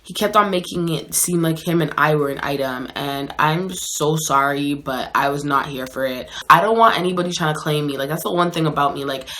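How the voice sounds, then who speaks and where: A woman with a low but bright, forward voice tells a dating story straight to camera. She talks loosely and casually, full of slang and "like", in a chatty storytime style. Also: a little fast, few pauses, slight background noise. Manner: chatty, slangy, lots of "like" and "so anyways". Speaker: vlogger telling a dating story.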